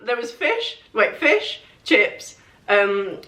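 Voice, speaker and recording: A woman's voice: medium pitch, very animated, drawn-out words, noisy background. A woman answering questions in a casual Q&A vlog, chatty and rambling, full of fillers. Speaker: fitness vlogger answering questions. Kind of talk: casual Q&A chat. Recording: echoey room, mic at a distance.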